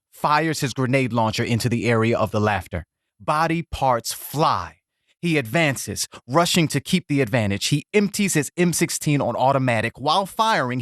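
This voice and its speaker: A man narrates a war essay in grave, measured, clipped phrases. His voice sits at an ordinary middle pitch for a man. The recording is dry and close, with no room sound. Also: no echo. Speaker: narrator reading a veteran's essay. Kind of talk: scripted narration.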